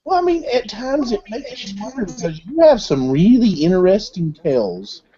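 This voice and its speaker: A woman's voice: medium pitch, big pitch swings, normal speed, dark tone, dull audio. A woman hosting a casual online panel chat, talking in a wondering, conversational way.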